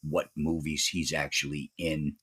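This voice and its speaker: A man co-hosting a movie podcast, talking casually and haltingly with many fillers. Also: a bass voice, flat delivery, bright, forceful tone, breathy edge. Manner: rambling, hesitant with many fillers. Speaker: podcast co-host. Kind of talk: casual movie review chat.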